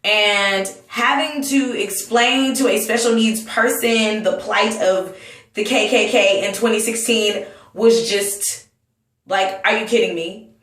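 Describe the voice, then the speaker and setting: A woman's voice: mid-range voice, steady tone, takes it slowly, a bit bright. A woman from North Carolina delivering an impassioned personal rant, earnest and emotional, often restarting her sentences. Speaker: vlogger and Sunday school teacher. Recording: roomy, distant mic.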